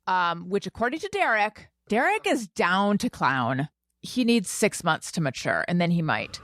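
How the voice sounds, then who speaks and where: A woman co-hosting a podcast in casual chat, animated and quick with jokes. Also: medium pitch, no room sound, clean studio sound. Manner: animated, laughing, quick asides. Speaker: podcast co-host.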